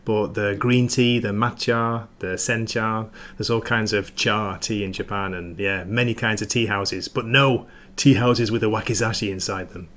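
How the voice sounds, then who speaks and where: A man's voice: on the low side, steady tone, normal speed, few pauses, a bit bright. A man from near Manchester, chatting casually as a guest on a livestream video call, self-deprecating and friendly. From northern England, near Manchester.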